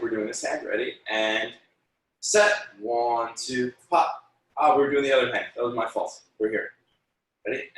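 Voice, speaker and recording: A man's voice: mid-range voice, fairly bright tone, recorded from a distance. A man teaching a taekwondo class over a video call, counting out moves and correcting students by name in an encouraging way. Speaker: taekwondo instructor. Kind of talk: online martial arts class instruction. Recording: very echoey room, voice from off the mic.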